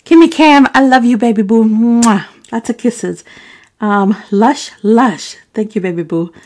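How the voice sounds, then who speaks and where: A woman's voice: a little high, a little slow, a little mellow. A woman vlogger thanking her viewers by name, affectionate and apologetic when she stumbles over their names. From Arab. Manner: affectionate, calls viewers baby boo. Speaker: mukbang vlogger. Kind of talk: casual shout-outs to viewers.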